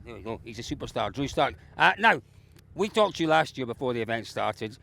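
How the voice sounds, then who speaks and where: A man's voice: medium pitch, sing-song, brisk, vocal fry, a bit bright. A man hosting roving interviews outdoors, jovial, effusive and teasing. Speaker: host, interviewer. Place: outdoors at a rainy rally stage.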